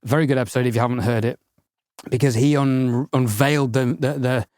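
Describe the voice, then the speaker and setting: A man co-hosting a podcast in casual chat, giving measured advice. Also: medium pitch, fairly even intonation, a little mellow, no echo, studio quality. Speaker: podcast co-host.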